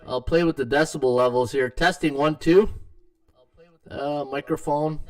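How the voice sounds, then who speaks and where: A man's voice: fairly high pitch, fairly even intonation, normal speed, distant mic. Chatty man on a tinny mic. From Canada. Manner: chatty, many fillers and restarts. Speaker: sports betting podcast host. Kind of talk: casual live-stream chat. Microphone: desktop mic. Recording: tinny echoey home stream mic.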